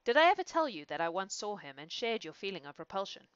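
A woman's voice: mid-range voice, very animated, fast talker, clear, resonant tone, no room sound, highs cut off, natural voice. A woman reading the lines of an earnest, kindly lawyer in a storybook reading, in her own voice.

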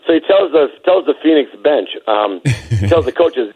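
A man recalling a game story as a former teammate, halting and repeating words, laughing at times. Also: fairly high pitch, animated, slightly rough, muffled recording. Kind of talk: casual storytelling interview.

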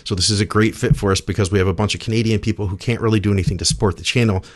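A man with a fairly low voice hosts a casual podcast. He runs through sponsor reads and listener shout-outs in a laid-back, rambling way, full of "like" and "uh." The delivery stays loose and conversational. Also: very fast, no room sound. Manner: relaxed, loose, filler-heavy delivery. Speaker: podcast host.

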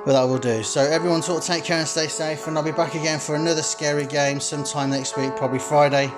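A man's voice: a little high, steady tone, quick pace, music in the background. A man giving casual, rambling let's-play commentary as a gaming YouTuber, swearing freely and padding his talk with fillers.

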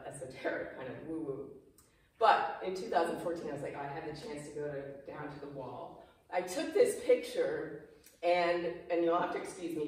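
A woman's voice: low-pitched, a little mellow. Emotional woman telling her story in an echoey room. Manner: emotional, chatty, acts out quoted dialogue. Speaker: speaker giving a presentation. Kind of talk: personal talk to a small audience. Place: apartment clubhouse room. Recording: echoey room, mic far off.

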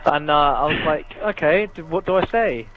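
A young man in a casual gaming chat, excitable and a bit hesitant when telling a story. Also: a little high, moderate pace, rough recording. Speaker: gamer.

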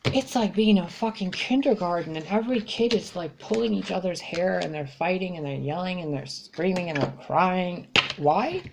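Gravelly, blunt woman tarot reader. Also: fairly low pitch, lively intonation, normal speed, hardly any pauses, background noise. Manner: blunt, exasperated, swears freely. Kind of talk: blunt tarot reading monologue.

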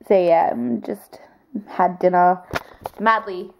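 A young woman vlogger with a creaky, mid-range voice chats casually, giggling often and using baby talk with her dog. She's first walking outdoors on a street, later in bed at home. The audio has its highs cut off and slight background noise.

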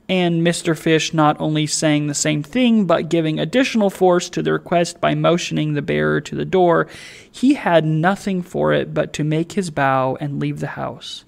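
A man on a library staff reading a classic novel aloud in a slow, measured narration. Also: a little high, steady tone, vocal fry.

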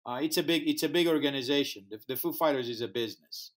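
Speaking quickly in a mid-range voice, a music festival founder animatedly recounts a story during an interview, voicing its dialogue in slightly non-native English.

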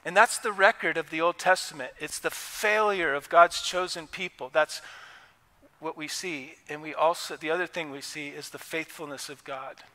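Pastor guy preaching, high bright voice, casual and fired up, long echo in the church. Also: normal speed. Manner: impassioned, conversational preaching with acted quotes. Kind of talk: sermon. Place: church sanctuary.

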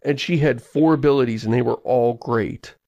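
A man hosting a podcast in casual, chatty talk with quick asides. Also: mid-range voice, gravelly, mellow, no room sound. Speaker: podcast host.

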